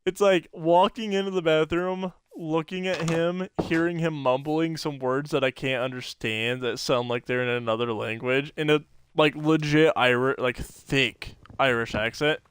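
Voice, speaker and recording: A man's voice: fairly high pitch, fairly even intonation, moderate pace, few pauses, a bit bright, clear, resonant tone. A man co-hosting a podcast, telling stories in a rambling casual chat full of fillers and laughs. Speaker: podcast co-host.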